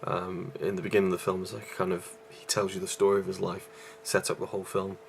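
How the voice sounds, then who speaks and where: A man talks through a movie review, his deep voice catching on a gravelly rasp. He is out of breath and rambles, with many ums and restarts. A faint hum sits under the recording. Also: little pitch movement, fast talker. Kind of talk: casual vlog review.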